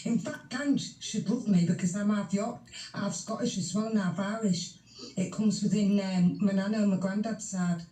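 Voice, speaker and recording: A woman's voice: mid-range voice, normal speed, warm tone, echoey room. A woman in a heated casual voice chat, blunt and sweary as she tells someone off. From Yorkshire, England. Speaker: voice chat participant.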